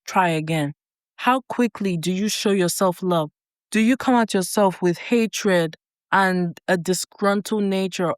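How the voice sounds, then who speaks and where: A woman's voice: medium pitch, dry recording, clean studio sound. A woman giving an earnest motivational talk to camera, repeating herself for emphasis. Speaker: life coach and vlogger.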